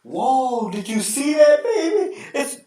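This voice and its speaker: A man doing an impression of an over-excited older male basketball commentator, shouting and drawing out his catchphrases in a sing-song way. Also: very high-pitched, slow, a little hiss or hum, voice pushed up, heavily acted. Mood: hyped. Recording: echoey room, distant mic.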